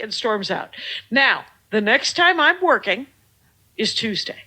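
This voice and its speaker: Bright-voiced woman telling a lively story. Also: high-pitched, slow. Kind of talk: casual podcast storytelling.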